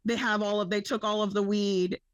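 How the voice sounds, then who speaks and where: A woman's voice: mid-range voice, little pitch movement, a little fast, no echo. A young woman co-hosting a podcast, telling a rambling story full of swearing and quoted dialogue. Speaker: podcast co-host. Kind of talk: casual storytelling.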